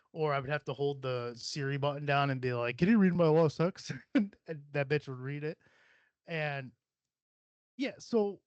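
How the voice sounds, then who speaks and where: A man's voice: on the high side, no room sound. Profane rambling podcast guy, dull dry sound. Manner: profane, rambling, self-mocking, laughs often. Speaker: podcast host. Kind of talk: casual solo podcast rant.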